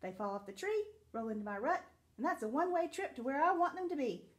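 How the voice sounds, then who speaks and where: Woman voicing a chirpy storybook squirrel, fast-talking, pleased with himself, high and bouncy. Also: sing-song. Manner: rapid, chirpy chatter.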